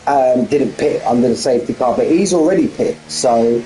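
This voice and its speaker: A man calls a sim race in a loose, chatty way, stopping to tease viewers and saying things twice. His voice is mellow and warm. A faint hiss sits under the recording. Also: medium pitch, animated, normal speed, rough recording. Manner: bantering, repeats himself, chats with viewers. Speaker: sim racing commentator. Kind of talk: casual live-stream commentary.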